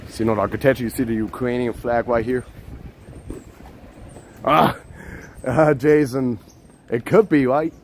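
A man's voice: mid-range voice, fairly even intonation, a little slow, pauses often, slight background noise. Chatty man on a city street. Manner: chatty, laughs often, reads out chat. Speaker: livestream host. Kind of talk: casual live street vlog. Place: busy city street outdoors.

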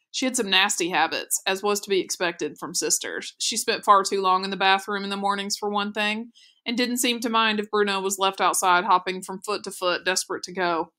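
A woman teacher reading a children's novel aloud in a clear, steady, expressive way. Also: medium pitch. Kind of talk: audiobook read-aloud narration.

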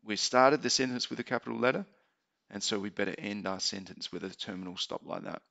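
Low gravelly man explaining maths. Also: a little fast. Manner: relaxed explaining, thinking aloud while typing. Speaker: maths teacher. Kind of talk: screen-recorded tutorial. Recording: dull lo-fi home mic.

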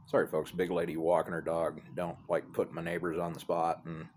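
A man's voice: low-pitched, monotone, fairly quick, darkish tone, a little hiss or hum. A middle-aged man telling a rambling, profane, self-deprecating story into his phone outdoors. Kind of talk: casual storytelling to a phone camera. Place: outdoors near apartments. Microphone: phone held by speaker.

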